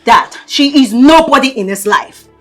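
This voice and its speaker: A woman's voice: sits high, lively intonation, normal speed, a bit bright, faint music behind. An actress playing a young woman confronting her brother's wife. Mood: accusing. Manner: accusing, confrontational. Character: protective young sister, sharp and accusing. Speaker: sister. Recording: noisy background.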